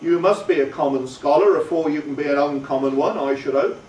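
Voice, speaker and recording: A man voicing a kindly, simple village blacksmith who speaks in a slow, drawling country way. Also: a little high, darkish tone, dull audio, a little hiss or hum, close to an everyday voice. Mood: earnest, kindly. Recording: roomy, distant, faint ambience.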